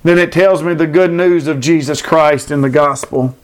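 A preacher with a notably high-pitched voice. He delivers his sermon with fervent, emphatic repetition, reading verses and pressing each point home. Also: normal speed.

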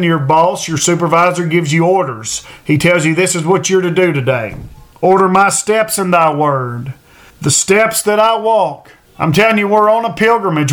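A man with a notably high voice preaches an earnest sermon. He repeats phrases to drive points home and slows right down to read scripture aloud. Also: a bit bright. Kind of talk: sermon on a Bible passage.

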